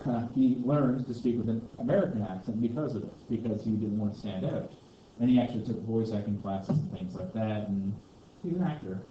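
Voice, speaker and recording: Chatty teacher lecturing in an echoey classroom. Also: male voice, on the low side, dark tone. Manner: chatty, rambling, heavy on "you know" and "like". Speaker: history teacher. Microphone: distant room mic. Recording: roomy, distant, dull classroom recording with noise.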